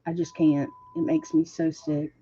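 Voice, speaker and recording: A woman hosting a casual livestream, reading viewer comments aloud and chatting with a husky voice. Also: low voice, little pitch movement, moderate pace, mellow. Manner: chatty, laughs often, reads chat aloud. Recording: dull lo-fi stream audio.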